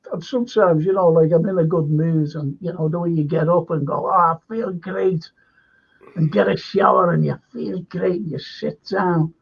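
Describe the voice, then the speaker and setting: A man's voice: on the high side, steady tone, moderate pace, creaky, husky. A man hosting a livestream, chatting and rambling as he reads out viewer comments, laughing often. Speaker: livestream host. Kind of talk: casual chat, reading out viewer comments. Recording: dull lo-fi stream audio.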